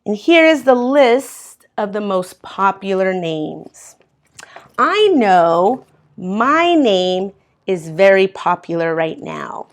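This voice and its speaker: A woman's voice: medium pitch, very animated, slow pace. A woman from Mexico teaching an English as a second language class, reading from a textbook and patiently explaining words step by step.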